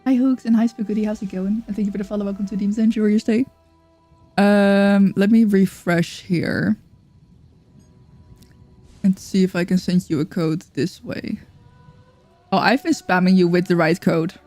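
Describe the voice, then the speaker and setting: A woman's voice: mid-range voice, steady tone, normal speed, pauses often, warm tone, faint music behind. A woman streaming a game, chatting casually with viewers by name and cooing at her cat from her computer chair. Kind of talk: casual live-stream chat.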